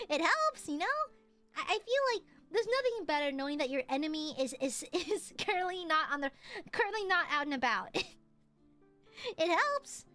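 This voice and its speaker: A woman's voice: very high-pitched, big pitch swings, measured pace, pauses often, sharp tone, soft background music. A young woman streamer chatting casually into her mic, giggling often and swearing freely. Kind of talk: casual chat.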